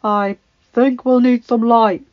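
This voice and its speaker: A woman voicing a calm, gentle male beast prince who speaks softly and evenly. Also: mid-range voice, normal speed, no room sound, natural voice. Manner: calm, soft-spoken. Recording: dull lo-fi, dry.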